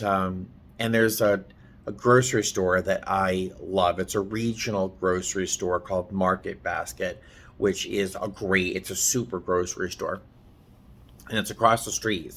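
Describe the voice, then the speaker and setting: Chatty excitable man vlogging on a phone. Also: lowish voice. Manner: chatty, excitable, self-deprecating. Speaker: flight attendant vlogger. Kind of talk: casual vlog to camera.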